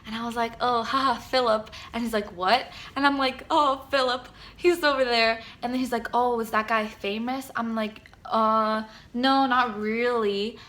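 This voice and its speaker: A young woman talks straight to her camera in an excited, rambling fan vlog. Her voice is bright and sits a little high. She tells her story in a gushing run-on way, full of "like.". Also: normal speed, few pauses. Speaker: vlogger.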